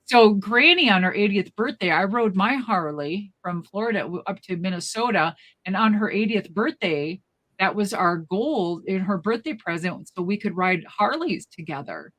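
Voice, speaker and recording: A woman co-hosting a live stream chat, telling lively family stories and loudly acting out the people she quotes. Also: mid-range voice, normal speed. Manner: animated, acts out quoted voices loudly. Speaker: co-host. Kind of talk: casual storytelling chat. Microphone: live stream, remote.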